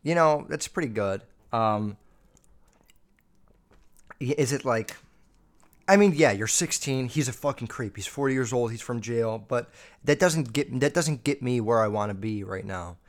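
A man's voice: mid-range voice, unhurried, long pauses. A man hosting a show, reading listener messages and riffing on them with constant swearing. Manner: profane, animated, riffing. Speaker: podcast host.

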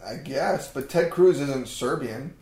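A man trading sarcastic, mock-conspiratorial jokes on a comedy podcast. His gravelly voice leaps up and down in pitch. The recording carries a roomy echo. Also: animated, measured pace, darkish tone. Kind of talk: joking conversational banter.

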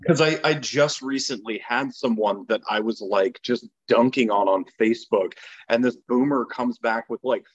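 A man's voice: mid-range voice, moderate pace, husky. Man telling stories, dull lo-fi sound. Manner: storytelling, acts out quoted people. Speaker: podcast co-host. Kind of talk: casual chat.

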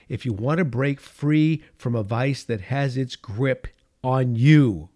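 Impassioned male preacher. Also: medium pitch. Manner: impassioned preaching with dramatic pauses and swings in loudness. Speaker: pastor. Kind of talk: sermon.

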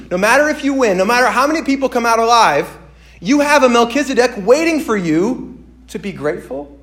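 High-voiced man preaching with fervor. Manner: swings from hushed to loud emphatic preaching. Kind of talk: sermon.

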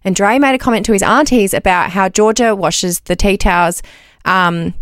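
A woman's voice: medium pitch, moderate pace, no echo, studio quality. A young Australian woman co-hosting a podcast, telling a story in casual chat and acting out the quotes. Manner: animated storyteller, acts out quotes. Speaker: podcast co-host.

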